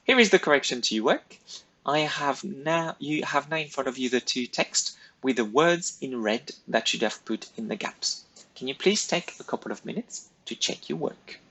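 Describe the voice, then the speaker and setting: Husky-voiced male French teacher. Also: medium pitch, normal speed, bright, forceful tone, poor audio. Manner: patient, step-by-step, clearly paced directions to pupils. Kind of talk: recorded classroom lesson instructions.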